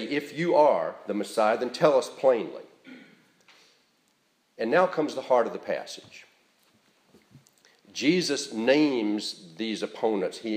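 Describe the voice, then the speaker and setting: A man preaching a sermon as pastor in a church, earnest and deliberate, stressing key words as he speaks. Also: on the low side, echoey room.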